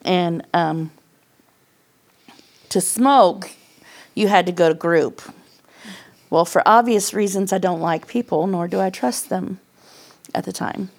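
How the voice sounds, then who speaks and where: A woman's voice: fairly low pitch, slow, pauses often, darkish tone. A middle-aged woman as a podcast guest, telling her personal testimony in a candid, casual way, laughing often and acting out what people said. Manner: candid storyteller, laughs often, acts out quoted lines.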